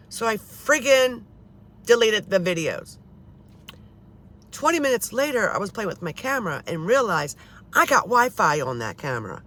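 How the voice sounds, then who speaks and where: In a casual, rambling vlog, a paranormal vlogger in her fifties talks to camera for her viewers, frustrated, swearing, and often starting sentences over. Her voice is on the low side with a slightly bright quality.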